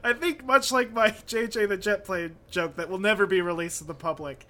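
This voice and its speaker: A man's voice: high voice, brisk, bright, forceful tone. A man co-hosting a casual comedy podcast, giggly and crude as he riffs on jokes. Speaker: podcast co-host.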